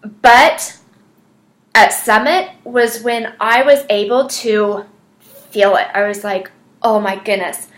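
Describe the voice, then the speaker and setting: A woman's voice: fairly high pitch, takes it slowly, pauses often, a bit bright. A woman telling her personal story as a fitness coach, earnest and chatty with lots of fillers. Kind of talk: personal story, casual monologue.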